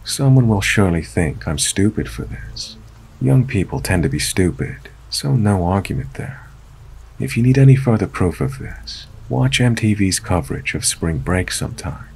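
A man narrating a true scary story in a steady, measured storytelling voice. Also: low voice, gravelly, slight background noise. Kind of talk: scripted narration.

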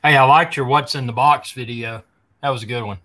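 A man guests on a livestream, answering in short, relaxed remarks. His voice is bright and clear in tone, with ordinary pitch. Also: fairly quick. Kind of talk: casual chat.

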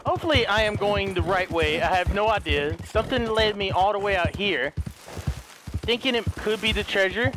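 A young man giving excitable, goofy let's play commentary, swearing often. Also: sits high, fairly quick, background noise. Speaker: gaming YouTuber.

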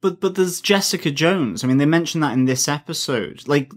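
A man's voice: a little high, animated, fairly quick. A man co-hosting a podcast, musing in a rambling, hesitant way with many fillers. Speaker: podcast co-host. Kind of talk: casual chat.

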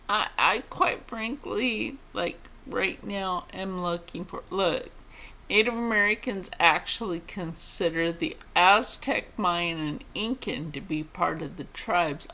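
A woman's voice: on the low side, slow, bright, forceful tone. A woman vlogger chatting casually to her viewers, blunt and opinionated, swearing freely. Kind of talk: casual chat to camera.

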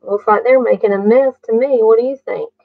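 A woman reading a bedtime story aloud to children, pausing to ask the listener questions. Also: fairly high pitch, vocal fry, no room sound. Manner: slow, asks the listener questions. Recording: muffled dry recording.

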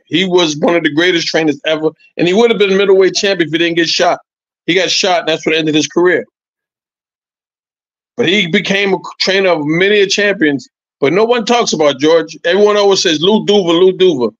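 A man in his sixties, a former boxer, telling animated, profane stories as a podcast guest, repeating his points. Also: sits high, fairly quick, no echo, dull audio. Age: 60s. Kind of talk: casual podcast chat.

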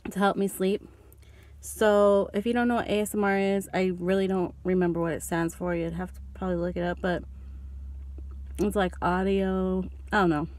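A woman's voice: medium pitch, no echo. A young woman rambles through a casual mukbang, chewing and talking at once. She speaks into a phone held in her hand while sitting in a parked car. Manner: rambling, chatty, eating and coughing while talking. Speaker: beauty vlogger.

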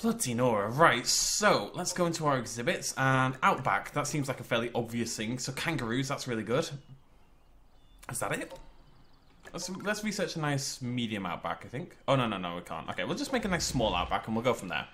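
Medium-pitched and sharp, the voice of this gaming channel host from northwest England is very animated and fairly quick. He plays through a let's play, chatting away and exclaiming to himself.

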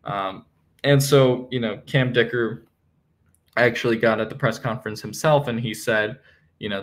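A young man hosting a sports podcast, talking casually through team news with many fillers and restarts. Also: fairly low pitch. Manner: conversational, many fillers and self-corrections. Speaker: podcast host. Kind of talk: solo sports podcast analysis.

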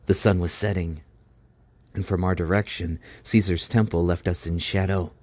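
A man with a deep, low voice reads a novel aloud for an audiobook. His narration is steady and measured, and the sound is close and dry with no room around it. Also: no room sound. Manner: steady, measured first-person reading. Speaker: audiobook reader.

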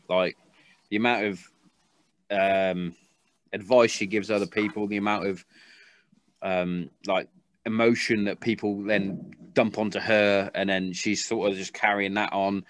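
A man's voice: fairly low pitch, a bit bright, dry recording. A man in his thirties hosting a casual podcast chat, talking frankly with loose swearing and many restarts. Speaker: podcast host. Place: garden shed.

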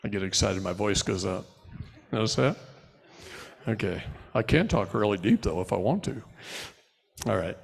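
A middle-aged man giving a live seminar lecture to an audience, preaching in animated bursts that drop to low asides. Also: moderate pace, gravelly, pauses often, husky. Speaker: seminar speaker. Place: large hall before a live audience. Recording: long hall reverb.

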